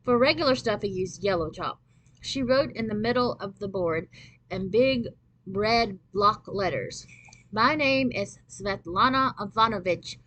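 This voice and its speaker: A woman's voice: mid-range voice, lively intonation, unhurried, rough recording. A woman reading a children's novel aloud, narrating steadily and expressively in the first person. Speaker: storybook reader.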